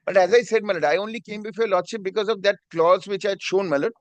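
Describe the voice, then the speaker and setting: A man's voice: high-pitched, fast, dry recording. A man, arguing a case as an advocate in court, deferential and addressing the judge again and again. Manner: deferential, repeats "my lord" constantly. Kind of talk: courtroom argument.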